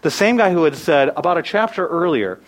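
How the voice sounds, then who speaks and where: A man in his thirties preaching a sermon, animated, swinging from loud bursts to hushed asides. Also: fairly high pitch, fairly quick, low-quality recording. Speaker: pastor.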